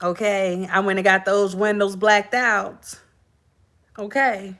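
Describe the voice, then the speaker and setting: A chatty middle-aged podcast host tells her viewers casual stories, laughing often and saying y'all. She has a mid-range, slightly bright voice with a steady tone, and she takes her time.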